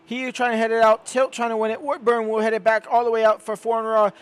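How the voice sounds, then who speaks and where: A young man giving excitable play-by-play commentary over his own football video game, rising to shouts at goals. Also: very high voice, fast talker, clean tone. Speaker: gaming YouTuber.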